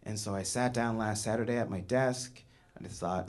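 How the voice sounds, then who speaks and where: A man doing a stand-up comedy set, animated, dropping to hushed asides and rising to shouted punchlines. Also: fairly low pitch, moderate pace. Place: comedy club stage with audience laughter.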